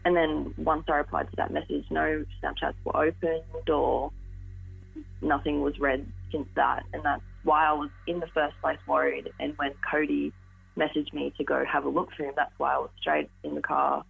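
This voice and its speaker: Young aussie woman on the phone, husky and a bit gravelly, kinda halting, tinny line. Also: low voice, flat delivery. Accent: Australian. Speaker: friend of the missing man. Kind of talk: interview recollection. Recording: tinny phone-line recording with faint music.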